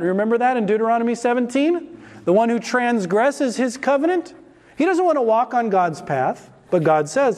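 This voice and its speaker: Brief: male preacher, high voice, emphatic sermon delivery that slows down for key words. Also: animated, darkish tone, in a large hall. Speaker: pastor.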